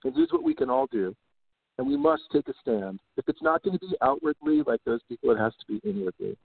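A man's voice: mid-range voice, huge pitch swings, fast talker, gravelly, breathy edge, dry recording. A man in casual conversation who talks animatedly, swears freely and says "like" a lot, often mimicking other people in a raised voice. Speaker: podcast host. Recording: dry, phone-like narrow sound.

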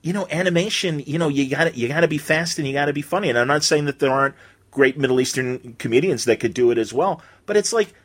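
A man's voice: on the high side, animated, quick pace. Man hosting a casual chat. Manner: conversational, with repeated "man" and "you know". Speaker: podcast host.

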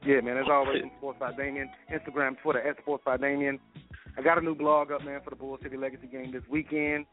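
A man hosting a sports segment on a radio show, reeling off scores quickly and dropping "man" between items. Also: mid-range voice, level tone. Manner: rapid score rundown, peppered with "man". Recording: tinny phone-line sound with faint music.

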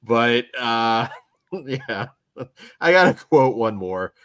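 A man's voice: medium pitch, expressive, slow pace, fairly bright tone, clean tone, no room sound, studio quality. A man hosting a film review podcast in casual chat, enthusiastic and laughing often, rambling with restarts. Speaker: podcast host reviewing films.

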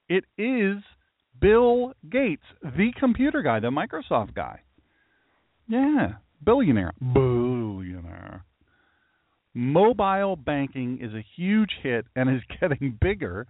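A man's voice: on the high side, slow pace, long pauses, no echo. Sarcastic man, tinny phone-like sound. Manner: mocking, animated, talks to imagined audience. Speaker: pastor. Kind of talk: sarcastic commentary monologue.

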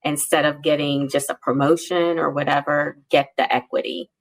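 A woman co-host leads a relaxed interview, chatty and quick to react to her guest. Her voice sits a little lower than most women's. She keeps the talk moving with easy, conversational questions. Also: vocal fry. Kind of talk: casual interview chat.

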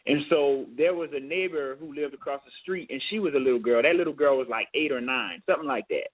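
Speaking fast at a medium pitch, this man co-hosts a call-in talk show over a tinny phone line. His delivery is emphatic, full of repeated phrases and "you know what I'm saying."

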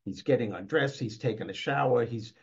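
A man who is a guest on an interview show tells a story in a lively way and acts out its scenes. His voice sits at a middle pitch. The audio is dull and lo-fi. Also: brisk. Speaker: author and motivational speaker guest.

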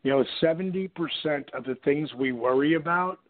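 A man's voice: a little high, normal speed, crowd noise. A middle-aged man hosting a radio show, chatting in a casual motivational way, full of fillers, acting out quotes as he tells stories. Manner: animated storyteller, acts out quotes, many fillers. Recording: tinny phone line.

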